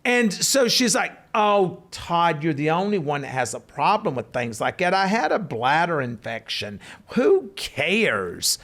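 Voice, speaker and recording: A man's voice: fairly high pitch, a little slow, hardly any pauses. A man, co-hosting a casual podcast and telling stories animatedly. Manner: animated, rises to hollering when telling stories. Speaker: podcast co-host. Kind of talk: casual storytelling chat.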